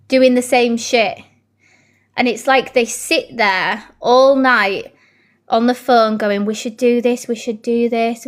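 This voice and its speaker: A woman with a British accent ranting angrily on a live stream, swearing bluntly and answering her viewers' comments. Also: a little high. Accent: British English. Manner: blunt, heated, swears often; addresses her viewers and reads their comments.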